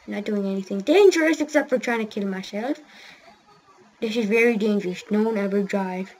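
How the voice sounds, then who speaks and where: A woman giving rambling, excitable commentary while playing a racing game, often yelling at what happens on screen. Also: medium pitch, a little fast, breathy edge. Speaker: gamer. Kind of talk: gameplay commentary.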